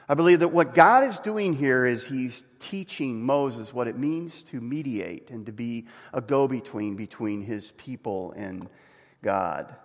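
A male pastor preaching a sermon in a church, with an animated delivery that acts out quoted voices. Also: medium pitch, in a large hall.

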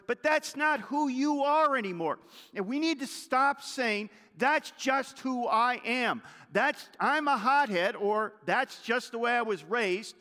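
A male pastor delivering a sermon, swinging from loud exhortation to hushed intensity. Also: extremely high pitch, expressive, a little slow. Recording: long hall reverb.

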